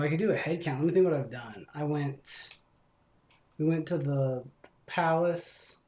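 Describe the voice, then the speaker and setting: A man's voice: on the high side, darkish tone. A man playing a story game and thinking aloud, hesitant and casual, in an echoey room. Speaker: let's play host. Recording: roomy echo.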